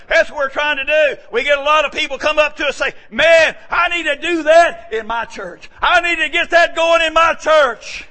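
High bright preacher man. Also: normal speed. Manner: folksy, swings between quiet asides and shouting. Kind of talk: sermon storytelling.

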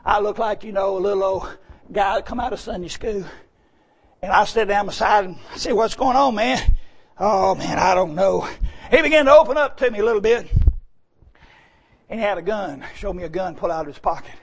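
Male preacher, husky and high-pitched, folksy sermon storyteller who swings between whispers and shouts. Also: a little fast.

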